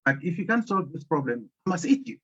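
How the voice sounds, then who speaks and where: A man playing a calm, threatening lion. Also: a little high, quick pace, breathy edge, exaggerated voice. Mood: matter-of-fact. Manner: flat, matter-of-fact. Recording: muffled lo-fi audio.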